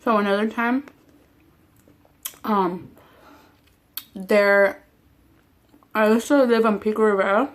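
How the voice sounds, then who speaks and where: A woman's voice: mid-range voice, fairly even intonation, takes it slowly, long pauses. A woman talks casually to the camera while eating on a mukbang vlog. She rambles from story to story, swears freely and laughs easily, in a mid-range voice. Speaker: mukbang vlogger.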